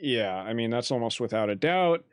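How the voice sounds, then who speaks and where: A man co-hosting a casual podcast chat, animated, laughing often and swearing casually. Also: mid-range voice, moderate pace, smooth, no echo. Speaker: podcast co-host.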